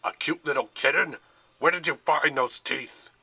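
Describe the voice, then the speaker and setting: A man's voice: lowish voice, measured pace, sharp tone, no room sound. A man voicing a tall, commanding, short-tempered general who growls and roars orders, in a storybook-style Lego fan film. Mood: furious roaring.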